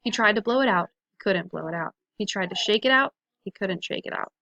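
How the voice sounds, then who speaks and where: A woman's voice: medium pitch, fast talker, vocal fry, few pauses, pushed and bright, no room sound, lo-fi sound. A woman reading a children's storybook aloud to listeners, giving each character a voice of its own.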